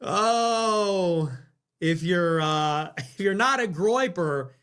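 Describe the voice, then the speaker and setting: A man hosting a livestream, rambling sarcastically, laughing often, swearing and dropping into low mutters. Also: animated, extremely slow, fairly bright tone, clean tone. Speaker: livestream host. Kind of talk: casual livestream commentary.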